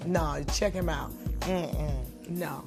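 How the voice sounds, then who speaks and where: A woman in a documentary interview, recalling events in an animated, colloquial storytelling way. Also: sits low, slow pace. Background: music bed.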